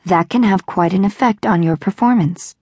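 A woman voicing a kind, graceful female robot caretaker with a gentle, measured, faintly formal manner. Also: medium pitch, no room sound, studio quality, lightly acted. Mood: gentle concern.

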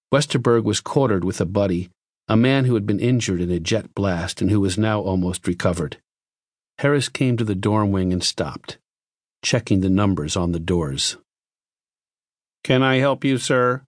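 An audiobook narrator with a lowish voice reads a scripted science fiction story in a measured, expressive way. The recording is clean studio sound with no echo.

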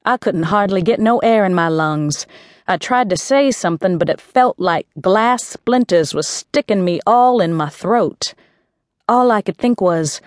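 A woman's voice: medium pitch, expressive, a little slow, no echo, studio quality. A woman narrating a first-person audiobook in a gritty, slangy street voice.

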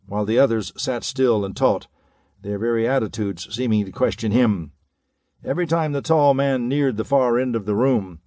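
A male narrator reads 1930s pulp fiction in a measured, dramatic style. His voice sits at an ordinary male pitch. The recording is dry and close with no room sound. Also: a little mellow, no room sound. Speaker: audiobook narrator.

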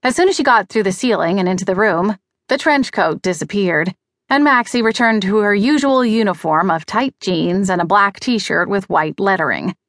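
A woman's voice: mid-range voice, animated, moderate pace, a bit bright, no echo. Woman narrating an audiobook, wry. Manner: wry, conversational. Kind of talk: first-person scripted narration.

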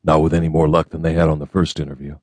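Guy reading a gruff brooding fed agent, low voice, dry close sound, clipped lines. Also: level tone, racing, a little mellow, no room sound. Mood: grim. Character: grim brooding male federal agent. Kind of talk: audiobook character reading.

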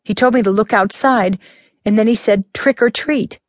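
A woman voicing a frightened, upset teenage girl in an audiobook, her pitch raised and strained. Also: normal speed, no echo, studio quality, natural voice.

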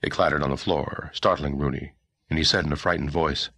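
A man narrating a historical novel audiobook in a measured, expressive storytelling manner. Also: very deep voice, breathy edge, no echo, clean studio sound. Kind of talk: scripted narration.

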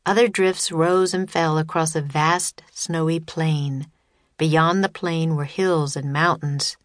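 A woman narrates a children's audiobook in a slow, unhurried way, her voice sitting a little low. The delivery is measured storytelling, recorded close and dry in a studio. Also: fairly even intonation, no echo. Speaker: author reading her own book.

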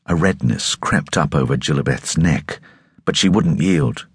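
Deep, husky male audiobook narrator. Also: dry recording, studio quality. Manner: expressive, measured storytelling. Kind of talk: scripted narration.

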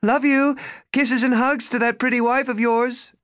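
A woman's voice: on the high side, fairly even intonation, normal speed, voice pushed up, close to an everyday voice. A man voicing a doting older mother who fusses affectionately over her grown son on the phone. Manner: affectionate, fussing.

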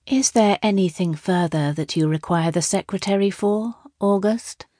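A woman voicing a scheming male court official with a high, girlish, silky voice, in a storybook reading. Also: normal speed, dark tone, dry recording, studio quality, close to an everyday voice. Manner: silky, threatening.

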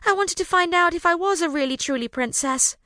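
A woman voicing an upset young princess girl in a storybook, shrill and wailing. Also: fairly quick, pushed and bright, no echo, studio quality.

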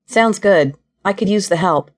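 A stern, protective farmer father, gruff and doubtful , as a woman narrator puts him on. He speaks bluntly in an audiobook reading. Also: medium pitch, a little slow, close to an everyday voice.

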